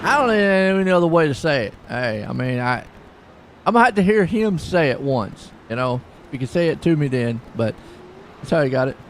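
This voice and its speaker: A man's voice: fairly high pitch, sing-song, fairly quick, slight background noise. A man doing laid-back play-by-play commentary for an online sim race, chatty and chuckling between calls.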